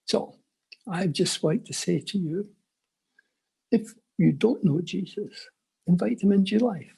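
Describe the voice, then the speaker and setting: An older man shares his personal testimony at a conference. His voice is rough and gravelly, strongly husky, and sits a little higher than most men's. He tells it earnestly, dropping into hushed asides. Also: measured pace. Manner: earnest storytelling with quiet asides. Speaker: conference speaker.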